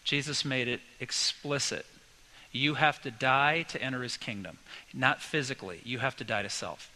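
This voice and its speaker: Casting note: man in his 40s, pastor, sermon with everyday anecdotes, very bright tone, acts out the voices he quotes. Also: medium pitch, moderate pace, poor audio. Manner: conversational storytelling with lively quoted voices.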